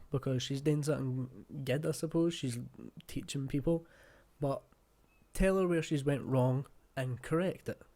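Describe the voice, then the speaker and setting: A man's voice: mid-range voice, mellow. A man with a broad Fife Scottish accent, hosting a casual reaction video in a chatty, rambling way. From Scotland, Fife. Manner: chatty, rambling, with many fillers.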